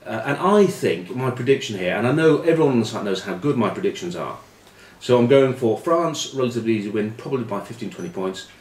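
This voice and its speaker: A middle-aged man telling rugby stories and giving predictions, wry and self-mocking, often trailing off into quiet asides. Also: mid-range voice, animated, fast talker, hardly any pauses. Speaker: rugby pundit. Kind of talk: anecdotal storytelling preview. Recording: echoey room with faint ambient noise.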